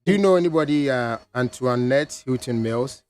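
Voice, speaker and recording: Ghanaian male radio co-host, mid-pitched, relaxed, teasing. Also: moderate pace. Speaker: radio co-host reading listener messages. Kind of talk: radio talk show banter. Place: radio studio.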